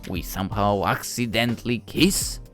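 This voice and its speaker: A man narrating a first-person story in an expressive, conversational reading style. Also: on the low side, moderate pace, faint music behind.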